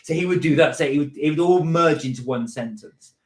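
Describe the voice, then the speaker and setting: A man's voice: a little high, brisk, roomy sound. Chatty man co-hosting a live stream. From West Country of England. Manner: chatty storyteller, laughs often, slips into impressions. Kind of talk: casual chat.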